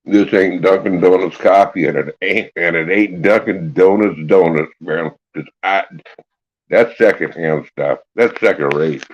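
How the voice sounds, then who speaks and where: A man hosting a casual morning livestream, talking with his mouth full and chuckling in a folksy, easygoing way. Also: low-pitched. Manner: slow, easygoing drawl with folksy slang. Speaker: livestream host. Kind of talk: casual live chat. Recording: dull lo-fi stream audio.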